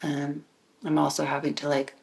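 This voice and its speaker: A woman hosting her own podcast, talking in a reflective solo monologue, musing and sometimes dropping into a soft whisper, with frequent restarts when she gets excited. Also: low-pitched, moderate pace, creaky, low-quality recording. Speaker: podcast host and author.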